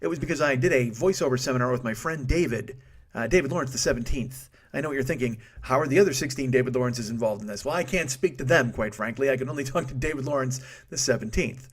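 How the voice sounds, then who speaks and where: Speaking quickly in a mid-range, slightly rough voice, this forty-something comedy podcast host rambles through a profanity-laced monologue. He keeps interrupting himself and cracking up at his own jokes, recorded on a studio mic.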